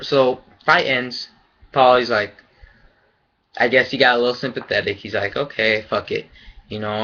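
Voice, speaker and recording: A man's voice: mid-range voice, pushed and bright, highs cut off. A man giving a casual, rambling fight review, loose and profane in his opinions. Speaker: boxing vlogger.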